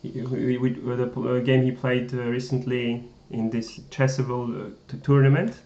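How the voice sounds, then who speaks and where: A man with a French accent co-hosts a chess stream, laughing often and teasing his partner. His pitch is average. The audio is roomy and dull, like a lo-fi stream. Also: level tone, normal speed, mellow. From France. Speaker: chess coach and co-host. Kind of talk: casual live-stream chat.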